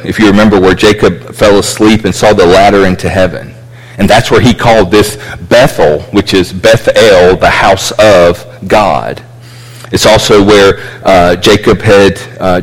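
A man's voice: fairly low pitch, slightly rough. A man teaching a sermon, explaining scripture with frequent restarts and asides. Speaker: preacher. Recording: echoey hall with long reverb.

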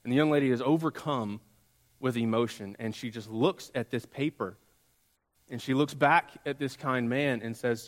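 Male pastor, sermon storytelling, pauses and hushed drops, long church reverb. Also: medium pitch.

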